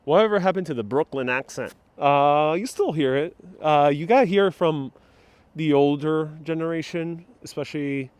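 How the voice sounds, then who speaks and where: A man's voice: on the high side, normal speed, smooth, no room sound. A man from New York City hosting a casual live-stream walking tour outdoors on city streets, chatting playfully and answering viewers' comments on a clip-on mic. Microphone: wireless clip-on mic.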